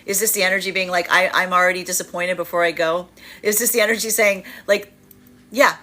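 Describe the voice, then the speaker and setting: A woman reads tarot cards on a live stream, her voice low-set but bright and forward. She rambles with many fillers and slips into playful put-on voices for the energies she describes. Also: brisk. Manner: animated, acts out quoted inner voices with fillers and laughs. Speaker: tarot reader.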